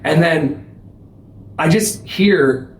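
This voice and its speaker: A young adult man, a paramedic guest, telling stories in casual chat, animated, laughing and swearing freely. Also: a little high, drawn-out words. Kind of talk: casual storytelling. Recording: roomy echo.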